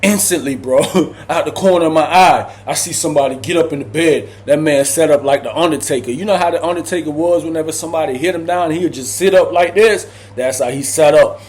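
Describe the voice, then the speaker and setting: A man spinning a casual prison storytime in a slightly higher-pitched voice. He talks in loose slang, is animated, and jumps into voices for everyone he quotes. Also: a little fast.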